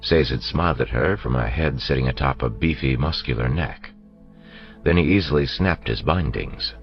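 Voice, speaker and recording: A man narrating an audiobook in a steady storytelling manner, on a dull lo-fi recording with faint music. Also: extremely low pitch, normal speed. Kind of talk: scripted narration.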